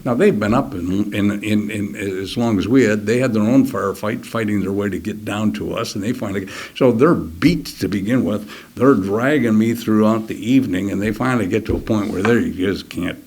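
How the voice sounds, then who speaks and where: Older guy telling a war story, kinda husky low voice, stops and restarts a lot, gets quiet sometimes. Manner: halting, many restarts, drops to a near whisper at key moments; acts out other soldiers' words in quick quoted voices. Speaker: interview guest. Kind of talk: personal war story told in an interview.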